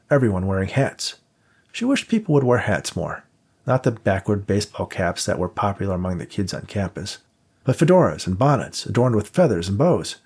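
Gravelly low-voiced male narrator. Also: a little mellow. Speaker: audiobook narrator. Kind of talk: scripted narration.

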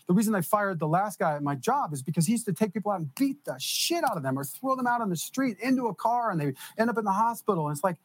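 A man telling a story in casual conversation as a podcast guest, animated and laughing as he goes. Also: high-pitched, quick pace.

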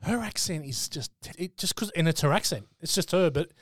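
A man's voice: a little high, lively intonation, fairly quick, dry recording, studio quality. A man co-hosting a casual film podcast, jokey and opinionated. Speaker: podcast co-host.

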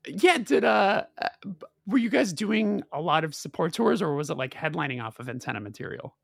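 Gravelly-voiced man hosting an interview. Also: a little high, animated, a little fast, fairly bright tone, dry recording, clean studio sound. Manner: loose, rambling questions with fillers and restarts. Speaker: podcast host. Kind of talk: casual interview.

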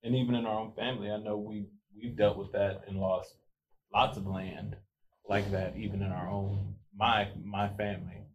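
A man co-hosting a podcast, chatting casually and explaining topics in a relaxed way. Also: lowish voice, normal speed, low-quality recording. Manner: relaxed, explanatory, light laughter. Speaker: podcast co-host. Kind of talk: casual chat.

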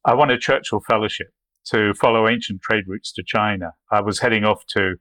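A man's voice: fairly low pitch, fairly even intonation, brisk, fairly bright tone, dry recording. A man answering interview questions with long, rambling anecdotes full of restarts. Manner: anecdotal, with frequent restarts and acted quotes. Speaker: guest, photographer.

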